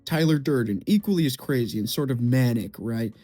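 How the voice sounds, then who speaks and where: A man's voice: medium pitch, lively intonation, fairly quick, warm tone, faint music behind. A young man giving heated film commentary, swearing and repeating himself as he rants. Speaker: video essay creator.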